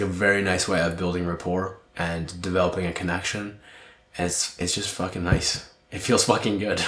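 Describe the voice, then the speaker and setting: Deep-voiced young man, casual, echoey. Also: a bit bright. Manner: candid, swears often, rambling. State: underslept, tired. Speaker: podcast host. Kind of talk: casual reflective monologue. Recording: echoey room.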